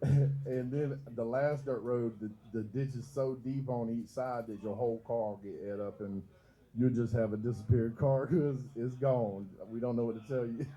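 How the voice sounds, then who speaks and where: A man's voice: mid-range voice, steady tone, normal speed, dark tone, low-quality recording. A young man doing stand-up at a comedy club open mic, loose and profane, laughing at his own jokes. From Georgia, US. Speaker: stand-up comic.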